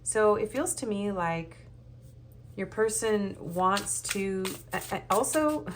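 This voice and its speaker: A nervous woman gives a casual tarot reading in a rambling, hesitant monologue full of ums. Her voice is medium-pitched and fairly even, her pace is slow, and there's a little hiss or hum.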